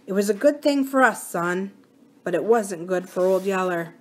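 A woman voicing a frontier mother in a storybook reading, gentle and firm with a tearful edge. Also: medium pitch, animated, normal speed, close to an everyday voice. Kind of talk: storybook read-aloud.

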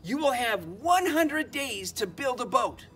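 Mister Bear, a booming father bear, as a man voices him. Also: big pitch swings, a little slow, soft background music, heavily acted. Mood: announcing. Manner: calls out announcements loudly, then softens fondly. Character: big booming father bear, kind leader.

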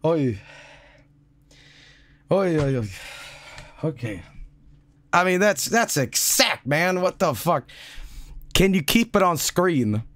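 A man hosting a live stream, giving casual, excitable commentary with plenty of swearing. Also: fairly high pitch, slow, long pauses. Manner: excitable, profane, laughs often. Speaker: streamer host.

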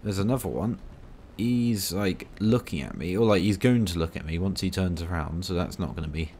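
Over a faint hiss, a gaming video creator narrates his play in a very deep, low voice with a darkish tone and moderate pace. His commentary wanders, full of self-mockery and dry asides.

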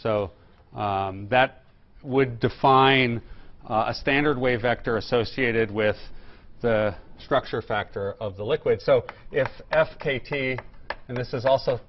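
A man's voice: mid-range voice, a little slow, dull audio. A man giving a technical physics lecture, explaining step by step with fillers and restarts. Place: lecture room.

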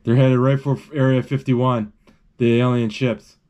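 A man giving a live, off-the-cuff retelling of a movie as he watches it, halting and correcting himself as he thinks aloud. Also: medium pitch, flat delivery, darkish tone. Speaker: channel host describing a movie. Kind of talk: live play-by-play retelling of a film.

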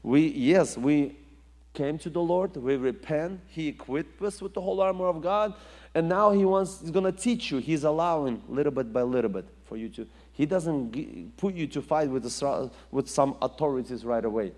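Man preaching, emphatic and repetitive, fairly high voice, long hall echo. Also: moderate pace, darkish tone. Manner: emphatic, rising and falling delivery with repetition. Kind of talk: sermon.

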